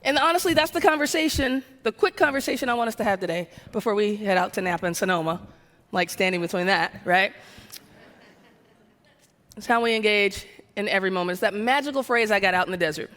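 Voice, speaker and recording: A woman's voice: mid-range voice, fast talker. A woman from the American South gives a motivational keynote, talking energetically and firing questions at the audience. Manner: energetic, conversational, keeps asking the audience questions. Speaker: keynote speaker. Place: large event hall. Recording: long hall reverb.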